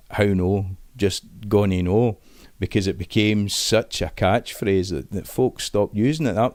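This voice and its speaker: Casting note: Scottish man, middle-aged, low voice, dry close sound, chatty interview guest who restarts his sentences. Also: a little mellow, no room sound. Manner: casual, thinking aloud with frequent restarts. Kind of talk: conversational interview.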